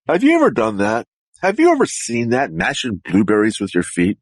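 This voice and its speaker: Man rehearsing voices, wildly swinging pitch, slightly high, dry studio mic. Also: a little fast, dry recording. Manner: animated, jumps between voices, repeats lines. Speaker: voice actor practicing. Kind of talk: casual solo voice practice. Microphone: studio microphone up close.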